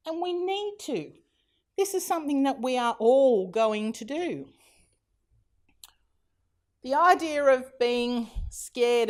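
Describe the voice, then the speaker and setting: A middle-aged Australian woman with a slightly high voice gives a keynote in a chatty, anecdotal way. She acts out the quotes in her stories with lively changes of voice and breaks into laughter often. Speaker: keynote speaker. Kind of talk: conference keynote storytelling.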